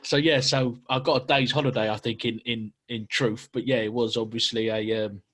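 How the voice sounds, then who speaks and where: A man's voice: medium pitch, steady tone, normal speed, fairly bright tone. A man hosting a casual podcast chat. He talks in a slangy, bantering way and laughs often. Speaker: podcast host.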